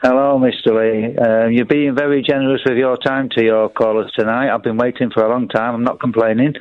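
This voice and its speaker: A man calling in to a radio show, talking earnestly and haltingly, with many fillers and restarts. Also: mid-range voice, flat delivery. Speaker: phone-in caller. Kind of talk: phone call to a radio show. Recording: muffled phone line.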